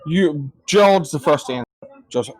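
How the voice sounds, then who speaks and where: A man's voice: fairly high pitch, expressive, moderate pace, no echo. A man narrating as game master for a tabletop game, in a hesitant way full of fillers.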